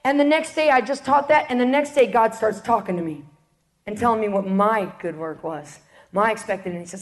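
A woman giving a lively spoken testimony to an audience, acting out the people in her story and laughing often. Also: medium pitch, fairly quick. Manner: animated storyteller, acts out quotes, laughs often. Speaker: ministry speaker sharing testimony.

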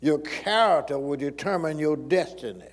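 A man's voice: fairly high pitch, animated, normal speed, big-room sound. A man preaching a sermon as pastor, repeating phrases and calling out questions to the congregation.

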